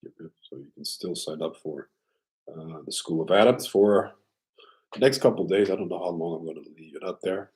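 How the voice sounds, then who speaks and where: A man hosting a casual live stream, talking loosely and often clearing his throat. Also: low voice, a little fast, a little mellow, low-quality recording.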